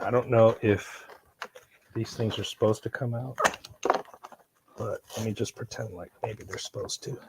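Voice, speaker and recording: A man talking casually to camera during an unboxing, rambling and swearing, with loud bursts of excitement, recorded at home on a camera mic. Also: lowish voice, moderate pace, creaky, pauses often, heavy background noise. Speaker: vlogger. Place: someone else's home. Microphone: external mic on camera.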